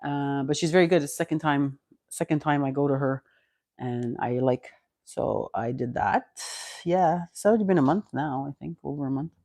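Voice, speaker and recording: A woman's voice: low voice, a little mellow, no echo. A woman of fifty from Canada, vlogging in a chatty, rambling way with many restarts, close to a clip-on mic at home. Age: 50s. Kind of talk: casual chat.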